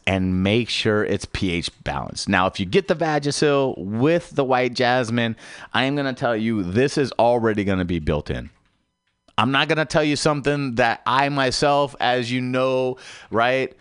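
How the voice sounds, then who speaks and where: A man hosting a radio comedy show, delivering a mock infomercial rant with a salesman-like pitch and big swooping emphasis. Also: clear, resonant tone, dry recording. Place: radio studio.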